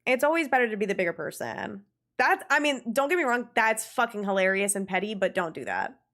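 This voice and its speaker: A young adult woman streaming a game and chatting casually with her viewers, animated and quick to laugh, swearing freely. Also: mid-range voice. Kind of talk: casual live-stream chat.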